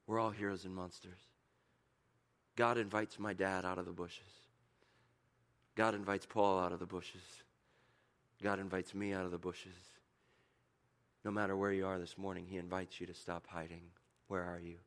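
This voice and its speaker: A man preaching a sermon as pastor, moving from hushed, intimate questions to loud, soaring climaxes. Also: low-pitched, moderate pace, pauses often. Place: church service.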